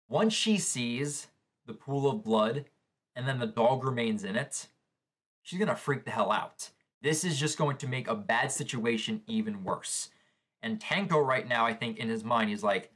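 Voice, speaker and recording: A man's voice: mid-range voice, lively intonation, unhurried, fairly bright tone. A man hosting a live manga reaction, describing the panels aloud and reacting with shock to what he reads.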